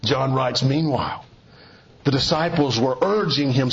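A man preaching an expository sermon in a measured, earnest teaching manner, often dropping soft for emphasis. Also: mid-range voice, muffled recording.

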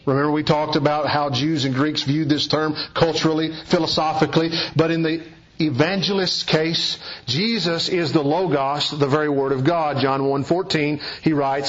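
A man's voice: a little high, fairly even intonation, moderate pace, dull audio. A man preaching an expository sermon, emphatic and repeating key phrases for weight.

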